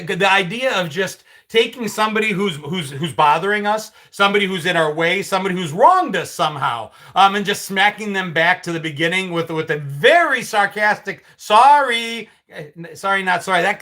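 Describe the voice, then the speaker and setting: A middle-aged man hosts a live stream in a loose, conversational way, reacting to viewer comments with dry, sarcastic asides. His voice sits high and sounds bright and forward, and he often restarts his sentences. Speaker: livestream host. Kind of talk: casual chat reading live comments.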